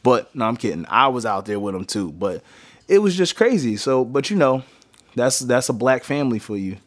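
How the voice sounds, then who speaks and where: A man's voice: mid-range voice, sing-song, normal speed. A man hosting a podcast in a small studio, talking in a loose, rambling, joking way. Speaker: podcast host. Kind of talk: casual chat.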